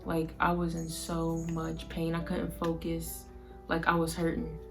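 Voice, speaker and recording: A woman vlogger retelling a painful personal story to the camera in a soft, halting way, full of "like". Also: deep voice, monotone, creaky, over music.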